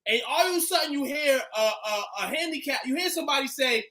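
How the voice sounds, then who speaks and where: Podcast co-host, man, high bright voice, animated and profane storyteller. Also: fast talker, hardly any pauses. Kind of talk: casual podcast chat. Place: podcast studio.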